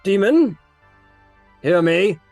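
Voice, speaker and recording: A man voicing a proud, indignant old male archmage who shouts commands. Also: very animated, extremely slow, gravelly, no room sound, faint music behind, full character voice. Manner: high, shouting, commanding outbursts.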